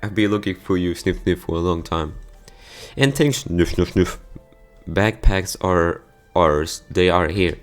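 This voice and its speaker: A man's voice: low voice, unhurried, faint music behind. A man reading a sniffling tearful young woman. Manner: sniffling, voicing sobs aloud. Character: tearful young woman waiting for her friend. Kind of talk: reading a visual novel aloud.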